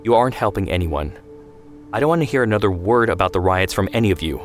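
A man's voice: sits low, animated, fast, faint music behind. Stern mother laying down the law, read by a male narrator. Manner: firm, commanding.

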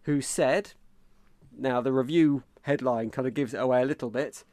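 A man's voice: medium pitch, normal speed, darkish tone, no room sound. A chatty English man hosts a casual football podcast. He reads out listener reviews and runs the show. His voice sounds dry and close to the mic. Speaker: podcast host.

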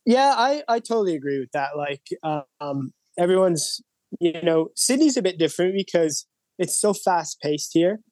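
A man's voice: high voice, lively intonation, normal speed, a little mellow, no room sound. A man, a guest musician, chatting casually on a podcast, rambling and full of "like" and "you know". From Canada.

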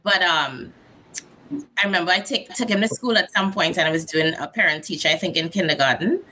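A woman in her thirties with a Trinidadian accent, talking in a candid, reflective, animated way as a guest in a casual conversation. Her voice sits a little low and sounds bright and forceful. A faint hiss of background noise runs beneath her. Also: a little fast, low-quality recording. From Trinidad and Tobago.

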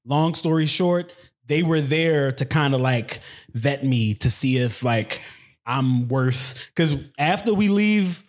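A man's voice: mid-range voice, lively intonation, takes it slowly. A man who is a guest on a podcast, telling a dating story casually in a loose, slangy way with many restarts.

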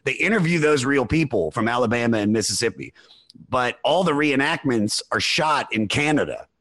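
A man hosting a music podcast in loose casual chat, rambling and excitable, swearing freely as he tells stories. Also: mid-range voice, moderate pace, no room sound. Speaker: podcast host.

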